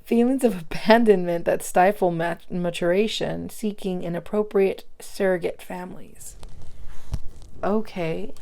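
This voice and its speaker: Young woman, tarot reader, slow and emotional, lots of thinking aloud. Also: on the low side, steady tone, creaky, a little mellow. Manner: emotional, thinking aloud with many pauses and fillers. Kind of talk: pick-a-card tarot reading.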